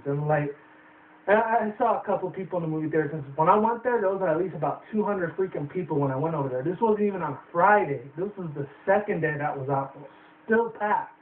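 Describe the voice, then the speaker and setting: A man's voice: a little high, a little fast, recorded from a distance, slight background noise. Rambling young man in a tinny echoey room. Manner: rambling, swearing, many fillers. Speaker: movie reviewer. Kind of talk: rambling casual movie review. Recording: tinny phone-like roomy sound from afar.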